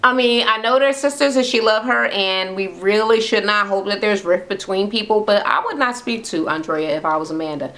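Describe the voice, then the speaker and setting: A woman's voice: medium pitch, normal speed, few pauses, fairly bright tone, rough recording. A woman giving a casual, profane recap of a reality show, blunt and sassy. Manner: blunt, sassy, swears freely.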